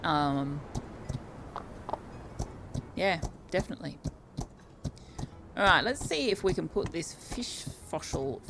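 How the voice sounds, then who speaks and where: A woman's voice: deep voice, expressive, slow pace, long pauses, background noise. An Australian woman streaming a game, chatting casually and correcting herself as she goes. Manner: chatty, self-correcting, amused. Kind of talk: casual gameplay commentary.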